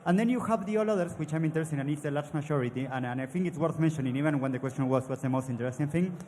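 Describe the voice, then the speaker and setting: A man from Argentina speaks English with a thick Argentine accent, his first language being Spanish. He answers as a panel guest in a thoughtful, slightly broken way, a little higher than most men. A long hall reverb sits over faint ambience. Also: racing, mellow, a little hiss or hum.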